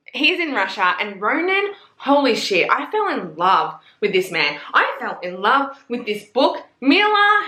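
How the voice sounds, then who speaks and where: Excitable, swearing Australian woman in a roomy room. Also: on the high side. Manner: gushing, profane, excitable. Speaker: book reviewer. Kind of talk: casual book review vlog.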